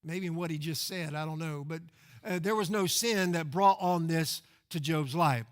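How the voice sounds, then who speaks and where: A man with a high voice preaches a sermon as a pastor. He talks in a loose, conversational way, throwing out rhetorical questions and repeating words as he goes. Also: normal speed. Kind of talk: expository sermon. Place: church sanctuary.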